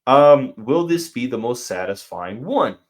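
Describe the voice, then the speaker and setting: A man's voice: mid-range voice, lively intonation, measured pace. A young man hosting a sports podcast, chatting casually and thinking aloud with fillers and restarts. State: has the hiccups. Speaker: podcast host.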